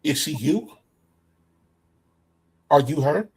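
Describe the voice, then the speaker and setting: Animated husky-voiced man. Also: fairly high pitch, takes it slowly. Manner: preacher-like, animated, emphatic. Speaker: co-host. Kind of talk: casual scripture discussion.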